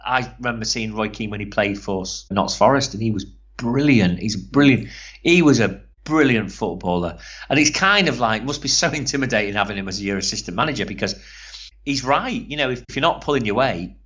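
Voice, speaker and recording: A man's voice: on the low side, expressive, fairly quick, a bit bright, dull audio. A man co-hosting a casual chat, blunt, opinionated and swearing freely. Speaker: podcast co-host.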